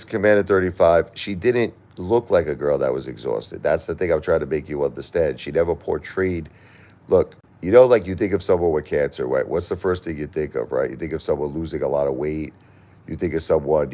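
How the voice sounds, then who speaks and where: A middle-aged man on a live stream, talking through grief and reading viewer comments, halting and repeating himself, at times crying. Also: rumbling low, a little mellow. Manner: halting, repeats words, grief-stricken and pleading. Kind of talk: emotional live-stream talk.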